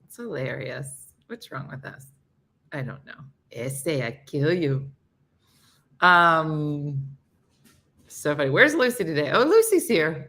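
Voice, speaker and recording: A woman's voice: medium pitch, sharp tone. A middle-aged woman hosting a casual morning show, reading viewer comments in a playful, laughing manner. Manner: playful, laughing, mimics pets' voices.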